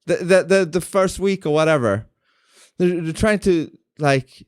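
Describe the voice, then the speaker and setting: Male streamer, lively swinging pitch, foul-mouthed and defensive, dry close sound. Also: unhurried, clear, resonant tone, no room sound. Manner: animated, profane, defensive. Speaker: streamer reacting to a podcast clip. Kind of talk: casual reaction commentary.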